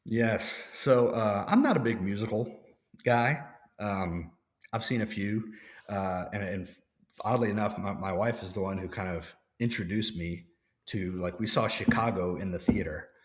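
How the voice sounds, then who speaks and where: Low-voiced man telling stories loosely. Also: measured pace. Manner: relaxed storyteller, many fillers and restarts. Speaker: actor guest. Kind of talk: casual interview chat.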